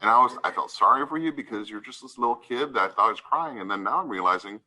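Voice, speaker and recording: A man's voice: medium pitch, expressive, fast talker, bright, forceful tone, poor audio. A man serving as judge, giving a stern courtroom lecture and repeatedly asking "right?" to press his point.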